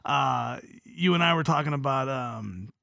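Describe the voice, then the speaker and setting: A man's voice: mid-range voice, unhurried, creaky, dry recording, clean studio sound. A man who is a comedian and podcast co-host, telling profane stories in casual chat and laughing often. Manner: animated, profane storytelling with frequent laughs.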